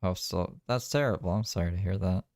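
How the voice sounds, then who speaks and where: A man's voice: deep voice, a little fast, very noisy. A man streaming live and reacting to videos in casual, mocking commentary, swearing freely.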